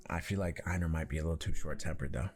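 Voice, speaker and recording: A man hosting an anime reaction, casual slangy commentary that is animated and profane and full of laughs. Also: extremely low pitch, fast, faint music behind.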